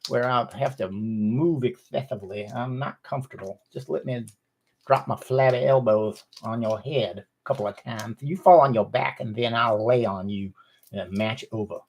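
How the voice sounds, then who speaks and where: A man putting on the high, drawling voice of a lazy, boastful male pro wrestler. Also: normal speed, gravelly, a little mellow, low-quality recording. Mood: lazy, whiny.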